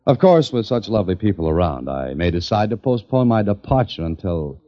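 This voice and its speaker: An actor playing a wry, quick-witted writer and adventurer who also narrates, in a 1940s radio drama. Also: male voice, lowish voice, sing-song, warm tone. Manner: wry, ironic. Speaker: narrator and lead. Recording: dull old radio recording with faint music.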